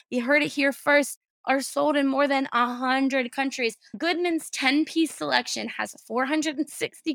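Woman host, higher than average, animated casual chat with cursing commentary. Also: creaky, dry recording. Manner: animated, swearing, sarcastic asides. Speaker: podcast host. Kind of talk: casual chat, reading a news story.

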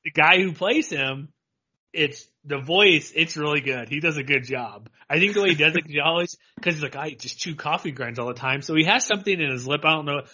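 A man co-hosting a podcast, talking sports in a rambling, animated way and laughing often. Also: a little high, brisk. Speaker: podcast co-host. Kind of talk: casual sports chat. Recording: dull lo-fi audio.

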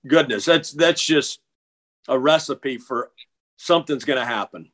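A middle-aged man telling stories in casual conversation, halting and restarting with many repeated words. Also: mid-range voice, fairly bright tone. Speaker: interview guest. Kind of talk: casual storytelling.

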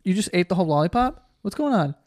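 A man's voice: high voice, big pitch swings, fast talker, darkish tone. A young man co-hosting a podcast, chatting loosely with lots of swearing and jokes. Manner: loose, profane, joking banter. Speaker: podcast co-host. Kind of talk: casual chat.

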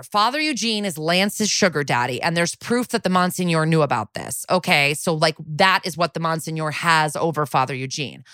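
Woman, podcast co-host, casual recap, animated storytelling, slightly low voice, dry close sound. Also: no room sound. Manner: chatty, animated, acts out characters' lines while retelling.

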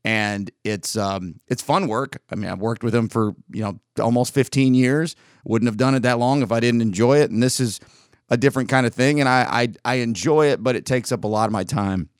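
A man talks through a solo podcast in a loose, rambling way, often restarting his sentences. His mid-range voice sounds a little worn from weeks of yelling. The recording is dry and close, with no room echo. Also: mid-range voice, fairly quick. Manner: rambling and candid, with frequent restarts. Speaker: podcast host. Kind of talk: solo casual podcast monologue.

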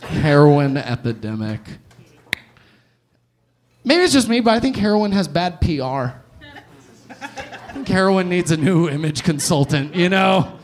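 A man's voice: on the high side, big pitch swings, a little slow, long pauses. A young man hosting and doing stand-up on a comedy club stage, sardonic and riffing, with casual swearing.

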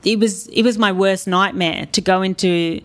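A woman's voice: mid-range voice, steady tone, moderate pace. An Australian woman speaking as an interview guest, telling stories candidly and with animation. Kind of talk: casual interview talk.

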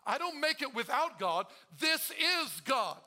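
Bright, high-voiced man preaching. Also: very animated, measured pace. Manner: preaching, calls out to the congregation, acts out quoted prayers. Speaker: pastor. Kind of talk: sermon. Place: church.

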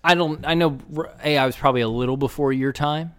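A man's voice: a little high, fast, smooth. A man, telling a story in casual podcast chat and acting out the voices of people in it. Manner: animated storyteller, acts out quoted voices.

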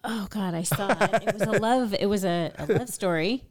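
A woman's voice: mid-range voice, normal speed, loud music behind the voice. A woman co-hosting a podcast, chatting casually and guessing playfully. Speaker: podcast co-host. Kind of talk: casual chat.

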